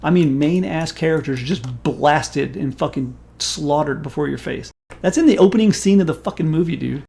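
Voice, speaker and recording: Telling a story on his stream, a man in his forties chats casually but with animated, emphatic delivery and plenty of swearing. He speaks at a normal speed in a fairly high voice with vocal fry.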